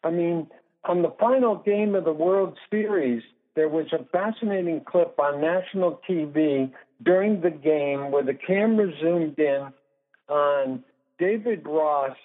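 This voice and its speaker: A man's voice: a little high, a little slow. A man in his sixties, a guest sports psychologist in a phone interview, talking emphatically and laying out numbered points. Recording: tinny phone line.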